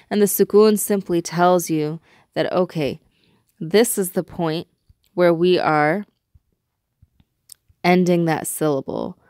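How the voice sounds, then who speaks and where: A woman teaching a recorded language lesson, patiently explaining step by step and repeating example words slowly. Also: low-pitched, no echo, clean studio sound.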